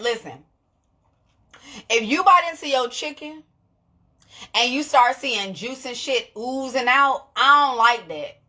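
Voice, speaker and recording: A young woman, talking straight to camera in a casual vlog, blunt and animated, swearing freely and laughing often. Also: a little high, moderate pace, pauses often. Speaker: vlogger.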